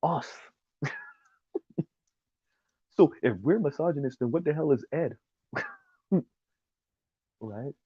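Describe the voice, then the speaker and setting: A man's voice: fairly high pitch, lively intonation, takes it slowly, pauses often, slightly rough, no room sound, dull audio. A man giving an emphatic, sarcastic opinion commentary, often laughing at his own points.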